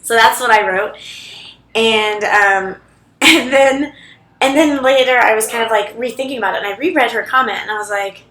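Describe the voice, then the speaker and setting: A woman's voice: on the high side, normal speed, a bit bright. Chatty woman vlogging in an echoey room. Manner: rambling, chatty, many fillers and restarts. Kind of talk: casual chat to camera. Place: co-working space office library.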